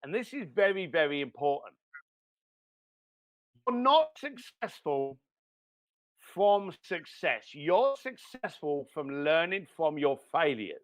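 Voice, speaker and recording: A man giving blunt, animated business advice as a podcast guest, swearing now and then. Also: a little high, slow, pauses often. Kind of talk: motivational business talk.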